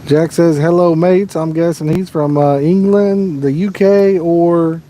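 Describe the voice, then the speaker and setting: A man with a Midwestern American accent hosts a live fishing stream outdoors. He talks in a relaxed, chatty way and answers viewers as he goes. His voice sits a bit high, and there is a faint hiss of outdoor noise behind him. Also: a little slow. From Midwest USA. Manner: laid-back, chatty, answers viewers' questions. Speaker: fishing livestream host. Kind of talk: casual livestream chat. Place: outdoors by a lake.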